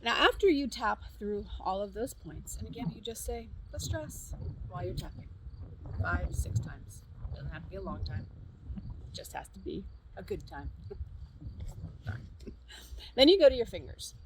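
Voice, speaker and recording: Lively middle-aged woman teaching tapping outdoors. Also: medium pitch, moderate pace, pauses often, very noisy. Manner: chatty, repeats cue phrases, laughs easily. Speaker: counselor demonstrating tapping. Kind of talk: casual instructional demonstration. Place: outdoors at a farm.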